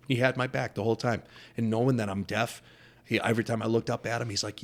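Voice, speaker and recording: Deep-voiced deaf man telling stories. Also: steady tone, fast talker. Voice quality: deaf speaker who wears hearing aids. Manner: earnest storyteller acting out quoted dialogue. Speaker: podcast guest. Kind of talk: casual interview chat.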